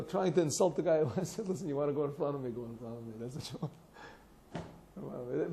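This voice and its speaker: A man teaches a class in a low, gravelly, mellow voice, set a little high for a man. He tells stories with lively acted-out voices and chuckles, then slows down to translate a text phrase by phrase. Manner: animated storytelling, acts out quoted voices, laughs often; translates phrases slowly word by word.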